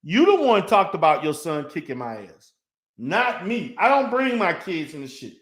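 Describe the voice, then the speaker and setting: A man's voice: fairly high pitch, very animated, normal speed, fairly bright tone. A man ranting in a response video, profane and mocking, heated and insulting. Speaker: online commentator. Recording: echoey room.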